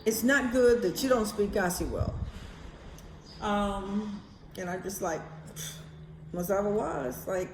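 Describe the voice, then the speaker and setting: A woman vlogging in a casual, animated chatty way, swearing now and then. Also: mid-range voice, takes it slowly, long pauses, echoey room, noisy background. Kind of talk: casual chat to camera.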